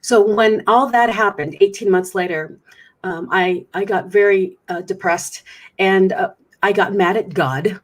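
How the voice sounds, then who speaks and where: A middle-aged woman speaks as an interview guest with a slightly husky, breathy tone. Her delivery is candid and earnest, full of small restarts as she works through a personal account. Her pitch sits in an ordinary middle range. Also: a little slow. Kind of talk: interview storytelling.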